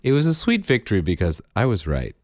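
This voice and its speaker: A man in his thirties chatting casually as a podcast co-host and father, telling stories in an animated way and acting out the quotes. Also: on the low side, fast, dry recording, studio quality. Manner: animated storytelling, acts out quotes. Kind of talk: casual chat.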